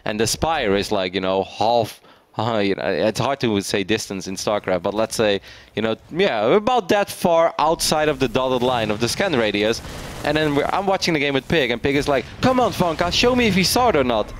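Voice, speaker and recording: Guy casting an esports match, chatty, laughs a lot, mid-pitched voice. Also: lively intonation, normal speed, hardly any pauses, no echo. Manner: chatty, laughs often, tells anecdotes. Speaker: esports caster. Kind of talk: live esports commentary.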